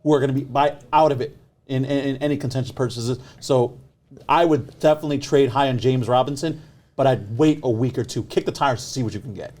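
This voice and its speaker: A man's voice: mid-range voice, a little fast, a little mellow. Man with dry humor. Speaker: podcast co-host. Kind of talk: casual podcast chat.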